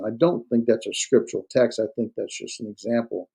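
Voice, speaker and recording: A man's voice: mid-range voice, steady tone, a little fast, warm tone, breathy edge, low-quality recording. A man teaching a Greek grammar class, explaining step by step with many fillers, restarts and hard stress on key words. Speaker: Greek instructor. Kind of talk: classroom lecture. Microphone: recorded lecture.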